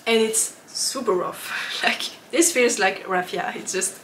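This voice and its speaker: A woman's voice: mid-range voice, measured pace, a bit bright, roomy sound. Woman podcast host, casual chat, giggly and rambling, mid-range voice, faint background hiss. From lives in Switzerland. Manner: chatty and giggly, with frequent ums and laughs.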